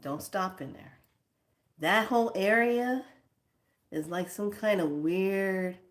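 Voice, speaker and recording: A woman spiritual teacher telling a story in an animated, emphatic and sassy way. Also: mid-range voice, takes it slowly, long pauses.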